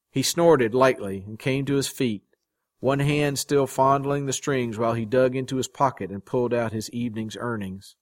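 A man narrates a short story with measured, dramatic pacing. His voice sits at a middle pitch, and the recording is dry and close, with no room sound. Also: no echo. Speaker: story reader. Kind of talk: scripted narration.

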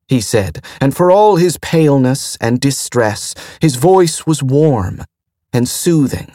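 A man reading an audiobook chapter in a measured, deliberate way, with quiet character lines. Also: medium pitch, animated, dry recording, clean studio sound. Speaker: audiobook narrator. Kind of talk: audiobook narration.

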